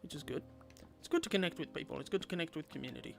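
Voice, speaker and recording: A man's voice: on the high side, animated, very fast, creaky, faint music behind. A young man chatting playfully with viewers while streaming a game. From Australia. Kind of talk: casual gameplay livestream chat.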